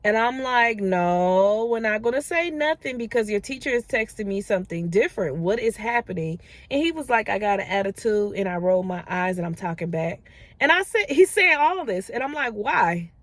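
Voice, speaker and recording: A woman, a mother telling a story casually to her phone camera, animated and exasperated. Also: medium pitch, normal speed, dry recording. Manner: animated, rising to exasperated disbelief. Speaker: vlogger, mother.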